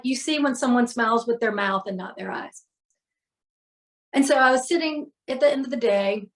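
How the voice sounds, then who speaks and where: Woman, middle-aged, slightly high pitch, podcast guest, emotional candid storytelling, filler words. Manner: emotional, animated retelling with many fillers.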